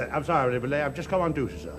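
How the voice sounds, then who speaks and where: A man playing a bumbling, nervous new restaurant waiter with deadpan comic replies, in a TV comedy sketch. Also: medium pitch, quick pace, close to an everyday voice. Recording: TV studio with audience laughter.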